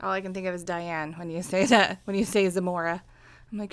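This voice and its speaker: A woman's voice: on the low side, steady tone, brisk, no echo. Jersey-accent woman cohosting a podcast, chatty, swears a lot, dry close sound. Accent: New Jersey. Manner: chatty, swears freely, reads listener questions. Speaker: podcast co-host. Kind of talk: casual chat.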